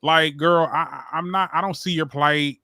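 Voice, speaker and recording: A man's voice: on the high side, steady tone, normal speed, bright, forceful tone, dry recording. A man co-hosting a podcast who gives blunt, exasperated opinions in casual chat. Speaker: podcast co-host.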